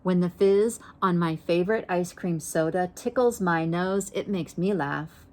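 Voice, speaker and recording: Slow, gentle woman reading a storybook. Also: on the low side. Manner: gentle, unhurried, pauses to ask listeners questions. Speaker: storybook reader. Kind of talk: reading a children's picture book aloud.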